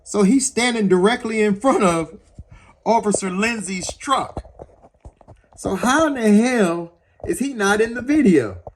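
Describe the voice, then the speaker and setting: A man's voice: high-pitched, animated, measured pace, slight background noise. A man heatedly recounting a police encounter while standing outdoors in front of his house, swearing often and pointing things out as he talks. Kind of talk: agitated first-person account.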